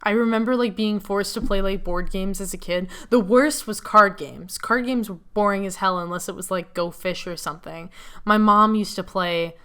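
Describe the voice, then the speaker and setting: A woman's voice: medium pitch, normal speed, bright, forceful tone, clear, resonant tone. A woman playing a visual novel, reading the characters aloud and chatting casually in between. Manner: reads every character aloud, chatty and sarcastic asides. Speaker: let's-play gamer.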